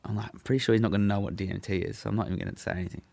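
A man's voice: fairly low pitch, steady tone, rapid-fire, creaky, a little mellow. A young man telling a story in casual chat, laid-back, swearing freely and laughing as he goes.

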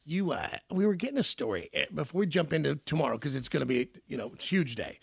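A man's voice: a little high, expressive, fast, gravelly, slightly rough, no echo, clean studio sound. A male radio host in casual talk, joking and self-deprecating.

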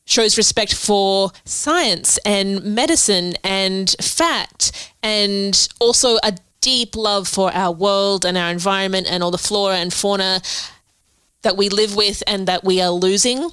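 A woman co-hosting a podcast, talking through a book in a thoughtful, measured way. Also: medium pitch, a bit bright, smooth, dry recording, low-quality recording. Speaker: podcast co-host. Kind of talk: casual book discussion.

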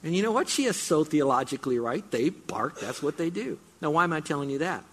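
A man's voice: on the high side, very animated, a little fast, breathy edge. A middle-aged man preaching a sermon, explaining scripture with emphatic, repeated build-ups. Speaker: pastor.

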